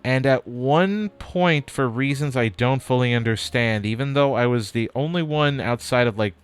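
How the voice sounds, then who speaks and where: A man's voice: mid-range voice, clear, resonant tone. Male streamer, mid-range voice, loose rambling chat with casual cursing. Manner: rambling, chatty, casual swearing. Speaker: streamer building model kits.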